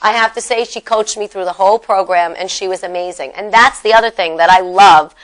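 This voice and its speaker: A woman's voice: mid-range voice, brisk, clear, resonant tone, rough recording. A woman in her fifties co-hosting a casual chat, talking frankly and laughing often. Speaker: co-host.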